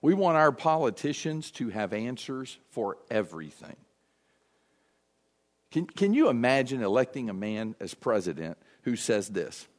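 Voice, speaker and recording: Animated male preacher, lively pitch. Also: unhurried. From United States. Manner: animated, acts out quoted voices. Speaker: pastor. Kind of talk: sermon.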